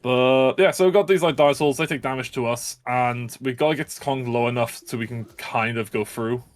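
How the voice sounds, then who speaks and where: A man with a mid-range voice speaks at normal speed, giving casual live commentary as he speedruns a game. He is jokey, upbeat, and self-aware.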